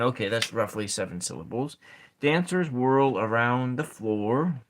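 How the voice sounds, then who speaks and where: A man hosts a soft-spoken ASMR poetry session on his channel, speaking slowly and haltingly in a medium-pitched, expressive voice and counting syllables aloud.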